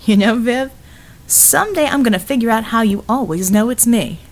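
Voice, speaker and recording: A woman's voice: on the high side, normal speed. A woman voicing a wisecracking roguish man who talks blandly and wryly. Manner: bland, wry.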